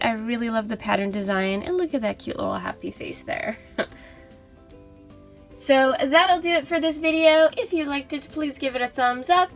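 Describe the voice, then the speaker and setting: A young woman hosting a toy unboxing video, gushing softly over each cute plush and reading out their names. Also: high-pitched. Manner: gushing, soft and cooing over cute toys.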